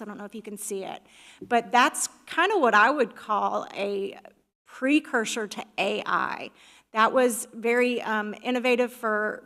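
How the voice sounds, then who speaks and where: A woman's voice: a little high, pushed and bright. A woman on the village staff presenting a website report to the council in an organized, friendly, explanatory way. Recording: reverberant meeting hall.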